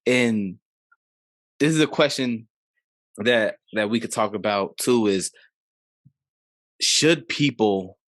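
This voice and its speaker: A man's voice: on the low side, slow, long pauses, a bit bright, no room sound. A podcast host talking casually with his guest. He gets emphatic and heated when something bothers him, and he keeps asking "you know what I'm saying?". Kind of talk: casual conversational interview.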